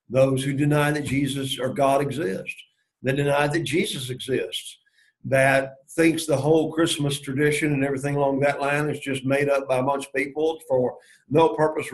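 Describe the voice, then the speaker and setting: A man's voice: fairly high pitch, rough recording. A man leading a Bible study lesson, going through the verses and asking and answering his own questions. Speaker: Bible class teacher.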